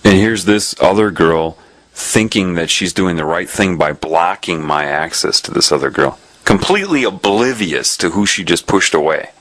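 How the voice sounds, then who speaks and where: A man's voice: low voice, expressive, normal speed, fairly bright tone, no echo. A man preaching in an earnest storytelling way, recounting a spiritual testimony.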